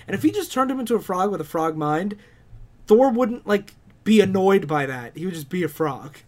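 A man co-hosting a podcast in casual chat, quick to chime in and swearing freely. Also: high voice, animated. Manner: quick agreeing interjections, profane. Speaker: podcast co-host. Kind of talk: casual comic recap chat.

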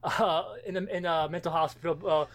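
A man's voice: a little high, brisk. A man on a podcast, animatedly retelling a comic and acting out the characters' lines. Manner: animated, acts out quotes, swears. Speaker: podcast co-host. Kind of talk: casual chat, retelling a comic.

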